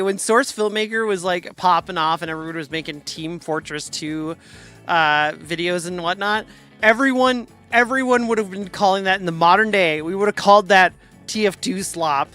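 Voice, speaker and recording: Bright-voiced rambling woman streamer. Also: on the low side, soft background music. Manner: rambling, jokey, quick to laugh at herself. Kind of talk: casual chat.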